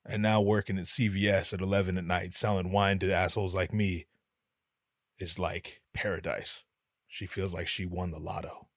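A man's voice: sits low, dry recording, clean studio sound. A man hosting a podcast, cracking jokes in a casual monologue full of swearing and sudden put-on voices. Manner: profane, joking, slips into voices. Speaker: podcast host.

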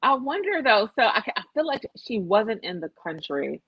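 A woman's voice: mid-range voice, sing-song, normal speed, breathy edge, no room sound, dull audio. A woman co-hosting a casual podcast, telling a gossip story with lots of profanity, quoted voices and laughter. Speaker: podcast co-host.

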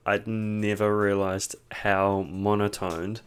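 A man with a New Zealand accent co-hosting a casual podcast, dropping dry deadpan jokes. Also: fairly low pitch, slow, smooth. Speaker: podcast co-host.

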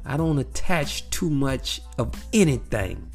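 Animated, swearing man musing aloud. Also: mid-range voice, takes it slowly, soft background music. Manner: animated, repetitive, peppered with "you know what I'm saying". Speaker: vlogger sharing life views. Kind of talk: casual profane monologue.

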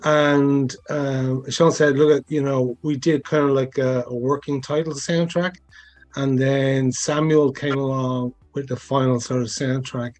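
A man's voice: medium pitch, level tone, unhurried, a little mellow, faint music behind. A man, a sound designer, talking in a chatty way full of fillers and asides in a podcast interview. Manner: chatty, many fillers, asks for agreement.

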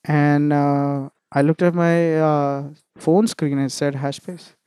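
A man's voice: a little high, level tone, takes it slowly, mellow, clean tone, no room sound, studio quality. A young man from India, a musician telling stories in a casual interview, laughing often and restarting phrases. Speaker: musician guest.

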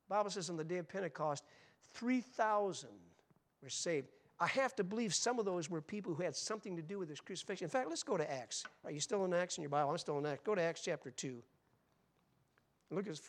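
A man preaching a sermon as pastor, reading scripture slowly and acting out the voices in the Bible stories with rising intensity. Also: high-pitched, fairly bright tone. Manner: reads scripture slowly and deliberately.

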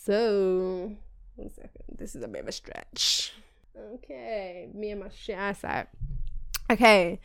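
A young woman co-hosting a podcast, reading a listener's email with slangy, animated asides. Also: mid-range voice, slow pace, creaky, smooth, no room sound, studio quality. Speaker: podcast co-host. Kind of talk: casual chat, reading a listener email aloud.

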